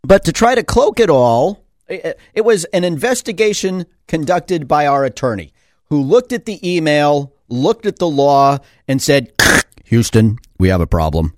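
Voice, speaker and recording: A man delivering a sarcastic commentary monologue, firing off rhetorical questions and answering them himself. His slightly higher voice rises and falls dramatically. The recording is dry and close. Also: lively intonation, a little slow, darkish tone, no room sound. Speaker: school board member and commentator.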